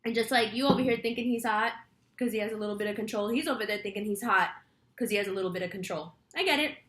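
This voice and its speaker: A woman's voice: mid-range voice, fast, fairly bright tone, reverberant. A woman astrology reader telling a rambling story in a casual monologue, chatty and swearing freely.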